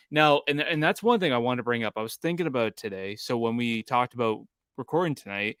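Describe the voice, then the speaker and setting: A man's voice: mid-range voice, fast talker, hardly any pauses, fairly bright tone, clean tone, no room sound. A Canadian man co-hosting a podcast, chatting casually and rambling with many restarts. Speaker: podcast co-host.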